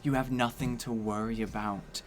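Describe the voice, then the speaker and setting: A man voicing a cold, scheming male dark elf noble who hushes and soothes while calmly threatening. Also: on the low side, normal speed, slight background noise, close to an everyday voice. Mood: soothing, menacing. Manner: soft hushing, calmly menacing.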